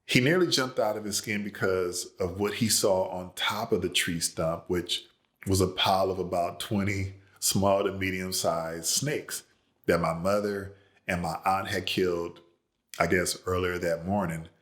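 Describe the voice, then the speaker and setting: A man with a very deep voice tells a family anecdote in a relaxed, conversational way. He speaks as an author sharing a story left out of his book, with everyday fillers and easy pauses. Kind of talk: casual personal storytelling.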